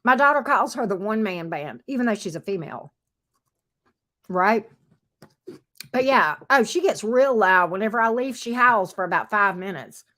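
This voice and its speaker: Chatty woman with lively pitch. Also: normal speed, long pauses. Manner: chatty, reads out and answers viewer comments, coos at her dog. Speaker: tarot reader and livestream host. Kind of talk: casual livestream chat with viewers. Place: home office room.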